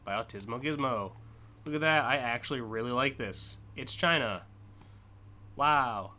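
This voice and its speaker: A young man with an American accent talks through a live stream in loose, rambling commentary. His voice is bright and forward at an ordinary mid pitch, peppered with "uh" and "like" and short bursts of laughter. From United States. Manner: rambling and chatty, with frequent uh and like, quick laughs. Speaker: streamer hosting a community car contest.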